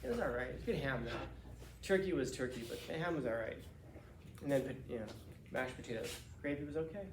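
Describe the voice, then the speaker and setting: A man teaching a class, telling a casual, animated story with restarts and laughs. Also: mid-range voice, a little fast, echoey room, background noise.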